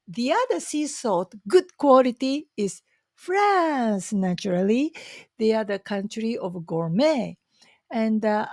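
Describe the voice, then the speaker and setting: A woman with a Japanese accent talks slowly and warmly in a chatty, enthusiastic vlog. Her voice sits a little high, and the sound is dry and close. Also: no room sound. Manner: chatty, enthusiastic, many fillers. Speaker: vlogger. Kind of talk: casual talk to camera.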